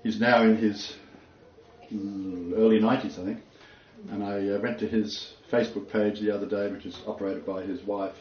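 A man giving a homely, unscripted sermon. He rambles, hesitates and laughs at his own stories. His voice carries in a roomy space on a dull, muffled recording. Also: fairly low pitch. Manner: rambling, halting, chuckling asides. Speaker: preacher. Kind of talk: informal sermon with anecdotes.

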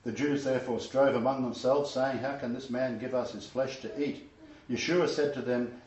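A man's voice: medium pitch, steady tone, normal speed, a little mellow, slight background noise. Emphatic man teaching scripture. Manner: emphatic, conversational asides. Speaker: Bible study teacher. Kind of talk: scripture reading with commentary. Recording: roomy, distant, dull sound.

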